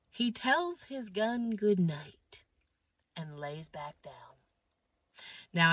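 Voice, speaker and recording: A woman's voice: fairly high pitch, no room sound. A woman from northeastern Pennsylvania telling a crude, exaggerated comic story. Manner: animated, crude, exaggerated delivery. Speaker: comedian.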